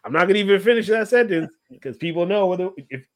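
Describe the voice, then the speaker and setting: A man's voice: high voice, expressive, quick pace. A man in casual chat, telling slangy stories animatedly and breaking into laughter often.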